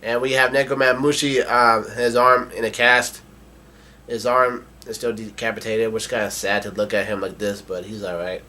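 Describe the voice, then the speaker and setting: Man, casual live comic read-along, bright forceful voice, frequent restarts. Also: lowish voice, steady tone, normal speed. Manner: narrates with restarts and stumbles. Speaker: comic reaction streamer.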